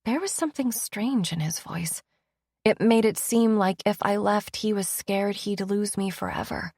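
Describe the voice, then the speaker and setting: A woman's voice: medium pitch, a little slow, darkish tone, no room sound, clean studio sound. A woman narrating a first-person romance audiobook in an emotive, intimate reading.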